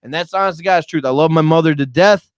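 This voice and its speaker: On the high side and quick-paced, this man's voice is clean with no room sound. As a guest in a podcast studio with cameras, he tells candid stories to his viewers, emotional and profane throughout.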